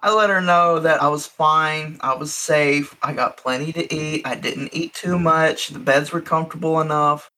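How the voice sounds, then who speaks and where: A man's voice: a little high, moderate pace, few pauses, sharp tone, rough recording. A man playing a tabletop role-play character, describing his character's actions in the first person in an earnest, reflective way. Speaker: player.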